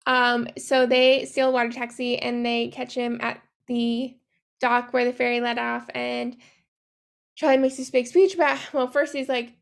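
A young woman co-hosting a podcast, casually recapping a movie in a chatty, profane way with quick asides, acting out the characters' lines as she goes. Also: a little high, flat delivery, gravelly. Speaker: podcast co-host.

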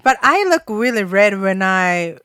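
Lively, bright-voiced woman in her thirties. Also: mid-range voice, measured pace, clear, resonant tone, no echo, studio quality. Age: 30s. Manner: animated, blunt, laughs often. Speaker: podcast co-host. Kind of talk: casual chat.

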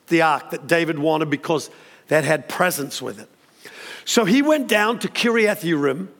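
A man preaching a storytelling sermon, animated and acting out the characters with sudden high exclamations. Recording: long hall reverb.

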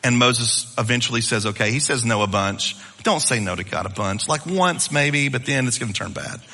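Male preacher, conversational and animated, bright and forceful, long hall reverb. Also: medium pitch, normal speed. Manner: animated, conversational teaching with asides. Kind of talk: sermon.

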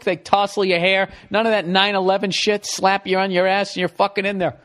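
A middle-aged man with a Boston accent, hosting a podcast with a profane, animated comedic ramble. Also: sits high, brisk, few pauses. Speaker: podcast host.

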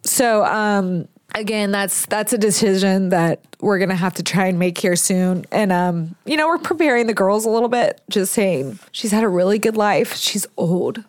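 A woman hosts a podcast, telling stories in a casual, chatty way, saying Southern "y'all," swearing and laughing. Her voice is medium-pitched at normal speed with few pauses, in clean studio sound without echo.

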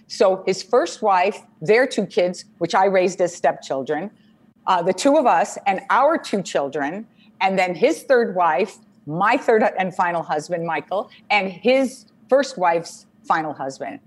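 A woman's voice: medium pitch, expressive, a little slow. A middle-aged woman, a podcast guest, talking in a rambling, chatty way with many fillers and self-corrections. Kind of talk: conversational interview.

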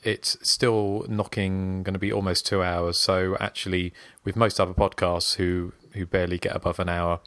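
A man's voice: low voice, level tone, normal speed, few pauses, a bit bright, no echo, studio quality. A man hosting a casual podcast chat, talking in a rambling, chatty way. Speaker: podcast host.

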